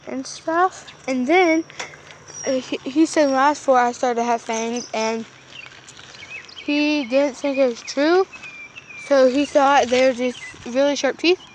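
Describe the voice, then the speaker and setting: High-voiced rambling woman outdoors. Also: a little hiss or hum. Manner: rambling, filler-heavy, says "flippin'" and "effing" instead of swearing. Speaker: vlogger. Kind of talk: casual rambling storytelling to camera.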